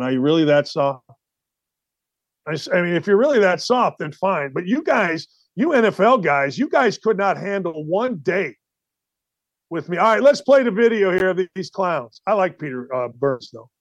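A male show host giving ranting sports commentary, loud, exasperated and often shouting. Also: sits high, expressive, moderate pace, dry recording.

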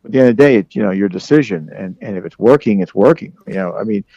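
Gravelly-voiced man, halting chat. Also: on the low side, expressive, warm tone, no room sound, lo-fi sound. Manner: halting, repeats words while talking. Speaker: calling guest. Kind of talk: casual chat.

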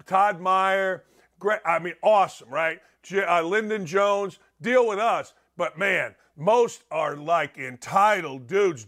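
Here is a middle-aged male talk-show host with a notably high voice. He rants through an opinionated monologue, sarcastic and mocking, as he hammers his points home. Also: a bit bright. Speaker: sports radio host.

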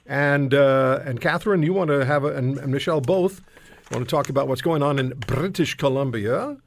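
An older man from Canada hosting a casual panel talk show, telling rambling, self-deprecating stories. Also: medium pitch.

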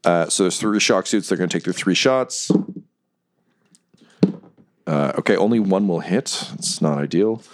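Game master: male, lowish voice, loose and profane, lots of ums. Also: animated, measured pace, pauses often. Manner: loose, profane, laughing narration. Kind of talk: narrating a tabletop game.

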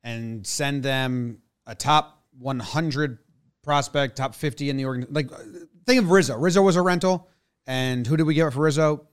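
A man's voice: mid-range voice, moderate pace, clear, resonant tone. A man co-hosting a casual sports podcast, talking in a skeptical, conversational way.

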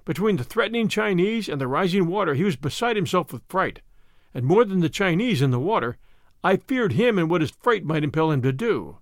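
A man narrating an adventure audiobook with an expressive, dramatic delivery. His voice sits a little high and moves a lot in pitch. The sound is dry and close, with no room around it. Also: fairly quick, dry recording. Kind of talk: first-person scripted narration.

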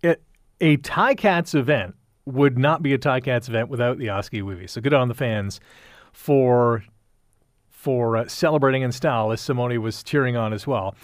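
A man's voice: mid-range voice, moderate pace, dry recording. Chatty male local news reporter, dry mic. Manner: conversational, with many "uh" fillers.

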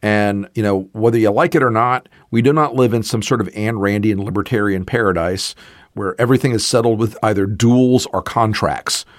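A man from the American South co-hosting a political discussion, measured and earnest, with many "you know" fillers. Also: fairly low pitch, no room sound, clean studio sound. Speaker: podcast co-host.

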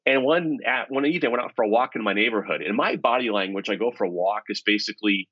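A husky-voiced man tells an animated story, dropping to near-asides and then jumping up with excited emphasis. The sound is close and dry, with no room around it. The recording itself is slightly dull. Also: lowish voice, fast, hardly any pauses, no room sound. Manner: energetic, swings between hushed asides and excited emphasis. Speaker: author and guest.

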